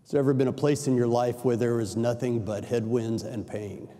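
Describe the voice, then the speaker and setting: An older male pastor preaches in a large church sanctuary, his warm, mid-range voice fairly quick and fairly even in intonation. He delivers the sermon in a conversational, storytelling style with chatty, self-correcting asides, and the sanctuary's reverb fills the recording.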